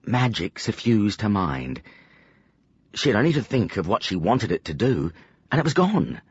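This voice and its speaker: A man narrating an audiobook in a scripted, expressive and dramatic storytelling style. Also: fairly low pitch, moderate pace, slightly rough, no room sound, highs cut off.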